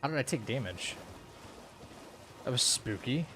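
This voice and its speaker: A man's voice: mid-range voice, animated, a little slow, sharp tone, faint music behind. A man streaming a game live, chatting casually with his viewers and reading their messages aloud in a loose, rambling way full of fillers and restarts. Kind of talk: casual live-stream chat while playing.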